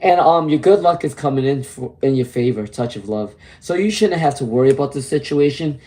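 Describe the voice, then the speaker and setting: Hoarse, mellow-voiced man reading tarot. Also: mid-range voice, lively intonation, fairly quick. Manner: chatty, greets viewers by name. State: hoarse from laryngitis. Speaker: tarot reader. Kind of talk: live-stream tarot reading.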